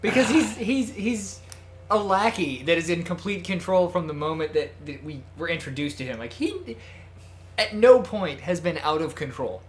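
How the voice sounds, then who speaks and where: A man co-hosting a let's play, making deadpan jokes and dragging out running gags. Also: a little high, normal speed. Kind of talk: casual gameplay commentary.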